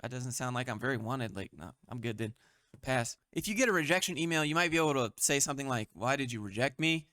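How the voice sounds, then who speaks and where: A man's voice: mid-range voice, fast, pushed and bright, no echo, clean studio sound. A man hosting a commentary show, reading memes aloud and mocking them bluntly, swearing often. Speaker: host. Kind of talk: sarcastic meme commentary.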